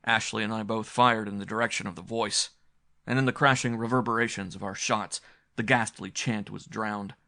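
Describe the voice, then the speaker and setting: A man's voice: fairly low pitch, fairly even intonation, moderate pace, gravelly, sharp tone. A man narrating a gothic horror story in the first person, grim and dramatic. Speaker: audiobook narrator.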